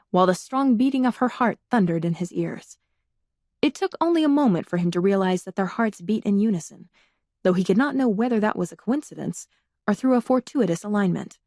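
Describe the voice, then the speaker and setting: A woman's voice: mid-range voice, creaky, darkish tone, no echo. Woman reading an audiobook, dry and close. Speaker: audiobook narrator. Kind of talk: scripted narration.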